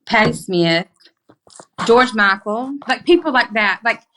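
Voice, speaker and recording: A middle-aged woman from Arkansas with a Southern accent, a podcast guest telling stories in emphatic, animated casual chat with plenty of swearing. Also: fairly high pitch, unhurried, a little hiss or hum.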